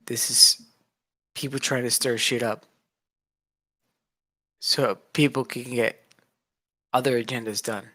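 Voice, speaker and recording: A man's voice: mid-range voice, steady tone, slow, long pauses, sharp tone. A young man from the United States, ranting in a casual monologue, agitated and repetitive, sometimes mocking. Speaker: vlogger.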